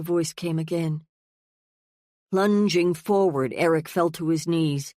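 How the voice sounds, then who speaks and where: Audiobook narrator, woman, lowish voice, steady delivery, dry close sound. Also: measured pace, dry recording. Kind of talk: scripted narration.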